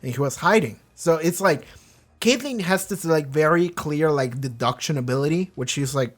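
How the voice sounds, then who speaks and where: A reaction video host with a somewhat high voice rambles through animated, casual commentary on a show. He swears freely and breaks into quick impressions, acting out characters' lines, and it all sounds loose and unscripted.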